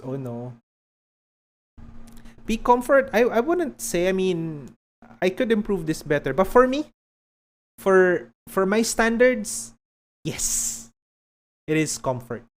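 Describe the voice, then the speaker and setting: A man's voice: high-pitched, expressive, slow. Chatty Filipino man streaming a game. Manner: chatty, rambling, laughs often. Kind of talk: casual stream chat.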